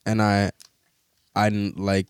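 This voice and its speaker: A man's voice: on the low side, monotone, slow pace, clean tone, no room sound, clean studio sound. A young man telling a story in casual chat, full of slang and restarts. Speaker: podcast co-host telling a story.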